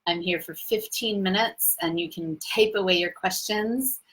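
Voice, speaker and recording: A woman's voice: mid-range voice, a little slow, fairly bright tone, slightly rough, poor audio. A young adult woman hosting a live Q&A as a coach, talking in an effusive, spiritual way and laughing easily. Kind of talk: casual live-stream talk.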